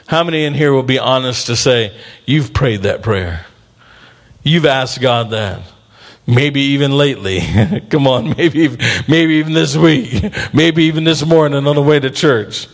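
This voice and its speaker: A man's voice: medium pitch, a little slow. A man preaching a sermon in church, emphatic and calling on the congregation to respond. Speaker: pastor.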